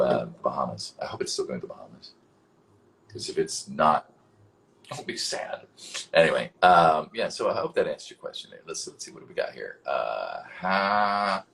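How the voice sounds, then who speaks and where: Deep-voiced but fairly bright in tone, this man in his fifties runs a livestream Q&A. He reads out questions from fans and then responds in a loose, meandering way, cursing without hesitation.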